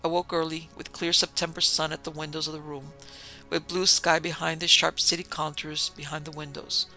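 A man narrating an audiobook in a steady, evenly paced storytelling manner. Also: a little high, moderate pace, faint music behind.

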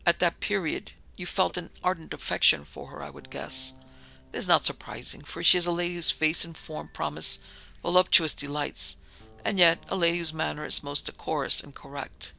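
A man voicing a sinister, disfigured nobleman in an audiobook, speaking with measured, coldly polite menace. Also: a little high, steady tone, vocal fry, pushed and bright, faint music behind, exaggerated voice. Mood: menacing. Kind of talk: audiobook narration.

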